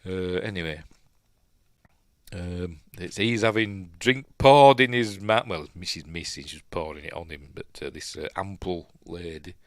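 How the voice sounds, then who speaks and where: A man's voice: deep voice, a little slow, dry recording, clean studio sound. A man with a Yorkshire accent giving casual, rambling commentary on a film as he watches, chatty and prone to tangents. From Yorkshire, England. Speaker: film reviewer, channel host.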